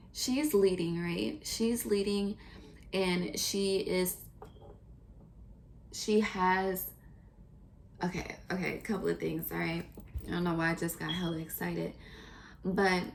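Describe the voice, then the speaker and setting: Woman tarot reader, lowish gravelly voice, earnest and chatty, faint hiss behind. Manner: earnest, chatty, often pauses to pray or think. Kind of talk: casual spiritual tarot reading.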